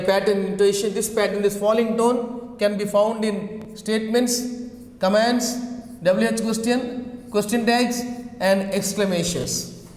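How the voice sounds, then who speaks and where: A male teacher giving a classroom lecture, dictating slowly and repeating key terms, and often checking on his students with "okay" and "right.". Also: sits high, a little mellow, echoey room, big-room sound.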